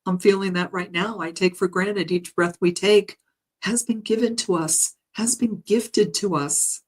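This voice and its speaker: A woman who works as a spiritual healer, passing on meditation messages in a gentle, halting way with frequent pauses and fillers. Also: mid-range voice, fairly even intonation, husky, low-quality recording. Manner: gentle, halting, with frequent ums and soft laughs. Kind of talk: guided meditation message reading. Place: home live stream.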